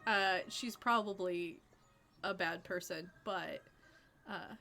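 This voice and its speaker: A woman streamer reading a story game aloud and chatting with viewers in a lively way, laughing between passages. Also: lowish voice, slow pace, vocal fry, soft background music.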